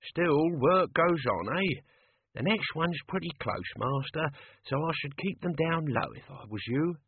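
A man voicing Albert, an old manservant who talks in a dry, low grumble, in a tinny recording. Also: expressive, a little slow, slight background noise. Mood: wry, wary. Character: Albert, old male servant, dry and wary. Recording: tinny phone-like audio.

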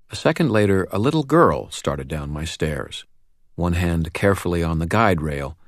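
A man reading a first-person audiobook with an expressive, wry delivery. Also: low-pitched, normal speed, no echo, clean studio sound. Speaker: audiobook narrator.

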